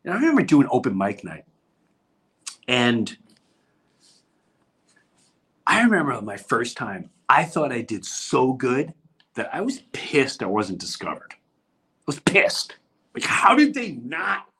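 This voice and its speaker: A man in his fifties from New York, a podcast host chatting casually and telling stories in a rambling, animated way. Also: mid-range voice, unhurried, breathy edge. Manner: rambling, animated storytelling with restarts. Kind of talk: casual chat.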